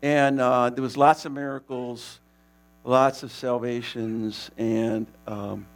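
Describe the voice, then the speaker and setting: Gravelly man telling a mission story. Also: medium pitch, takes it slowly. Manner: animated, laughing, rambling with restarts. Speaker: missionary preacher. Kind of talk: casual storytelling testimony.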